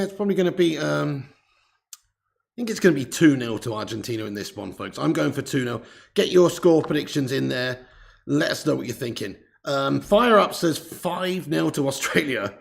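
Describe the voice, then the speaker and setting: A man hosting a live football watch-along stream, chatty and excitable, greeting viewers and swearing casually. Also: on the high side, moderate pace, vocal fry.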